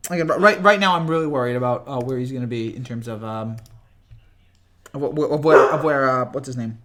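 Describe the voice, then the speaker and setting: A young man hosting a casual live reaction stream, rambling and excitable, whose voice cracks often. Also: mid-range voice, fairly quick, crowd noise. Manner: rambling, excitable, repeats himself.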